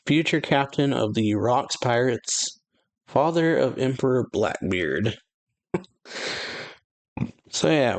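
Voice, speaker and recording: A man hosting a casual reaction video, reading comic pages aloud and chatting loosely, laughing often. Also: medium pitch. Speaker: anime reaction youtuber. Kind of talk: casual comic read-through.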